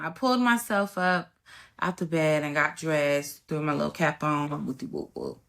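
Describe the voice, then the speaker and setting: Woman in her thirties, podcast host, personal story, candid, colloquial, lowish voice. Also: creaky. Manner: casual, colloquial, candid and emotional.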